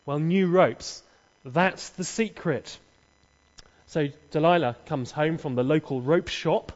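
A man's voice: fairly high pitch, takes it slowly. A man preaching, telling a scripture story dramatically with humorous asides, in an echoey church hall. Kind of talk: sermon with acted dialogue. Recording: echoey, dull hall recording.

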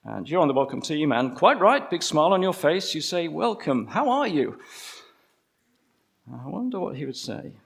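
A man preaching a conversational sermon, slowing down to stress key phrases. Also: a little high, big pitch swings, creaky, breathy edge.

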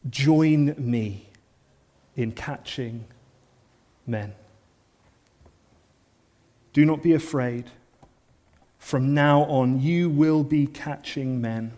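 A man preaching a sermon in an earnest manner, often dropping to soft, intense lines. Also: a little high, slow pace, long reverb tail.

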